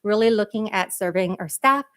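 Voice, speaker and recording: A woman's voice: mid-range voice, normal speed. A woman presenting as a school district's equity director at a board meeting, earnest and emphatic, with frequent fillers.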